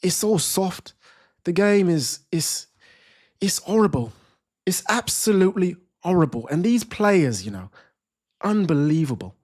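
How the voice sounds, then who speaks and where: A man putting on a British accent to play a grumpy male football pundit who moans that the game has gone soft. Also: sits high, very animated, a little slow, voice pushed up, exaggerated voice. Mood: indignant. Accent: put-on British. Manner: exaggerated moaning rant.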